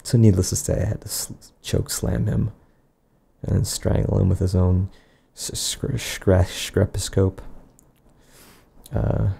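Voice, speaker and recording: A man delivering an improvised, absurd comedy monologue in a rambling, deadpan way, often trailing off and restarting. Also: low-pitched, takes it slowly, gravelly, slightly rough.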